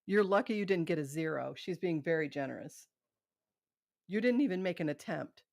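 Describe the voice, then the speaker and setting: A woman's voice: lowish voice, lively intonation, normal speed, creaky, a little mellow, dry recording, clean studio sound. A middle-aged woman hosting a live stream, chatting casually and rambling, laughing often. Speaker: livestream host.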